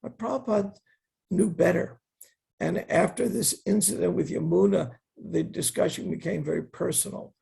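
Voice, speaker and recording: A man's voice: high-pitched, steady tone, moderate pace, gravelly, warm tone, husky. An older man telling stories as an interview guest, earnest and reflective, with wry asides. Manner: earnest, wry asides, quotes others in a raised voice. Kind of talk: reflective storytelling.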